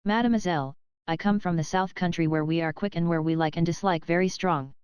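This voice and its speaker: A woman's voice: lowish voice, steady tone, fairly quick, a little mellow, smooth, no room sound, dull audio, lightly acted. A woman reading the part of a passionate young French lady's maid who pleads fervently. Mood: pleading.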